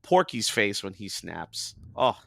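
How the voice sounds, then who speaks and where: A man's voice: lowish voice, very animated, slow pace, gravelly, pushed and bright, dry recording. A man joining a casual podcast chat as a guest, laughing often and repeating words as he talks.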